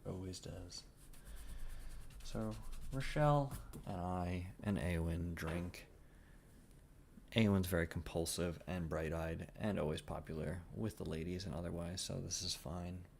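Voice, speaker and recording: A man's voice: sits low, a little slow, creaky, darkish tone, a little hiss or hum. A man casually narrating his solo tabletop game, improvising with profanity as he rolls dice.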